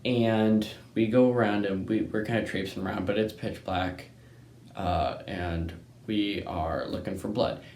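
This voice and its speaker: A young hunting-channel host from Texas speaks a little slowly in a fairly low, slightly mellow voice, telling a rambling hunting story. He often adds "right?" and says "anyways", recorded in an echoey space with faint noise.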